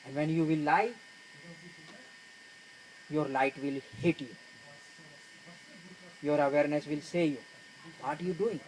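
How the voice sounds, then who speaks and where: Guy teaching meditation in broken english, slightly high voice, low hum in the background. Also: fairly even intonation, slow pace, pauses often, a little mellow, poor audio. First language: not English. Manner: broken English, retelling a film story. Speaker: spiritual teacher. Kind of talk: spoken discourse to meditation students.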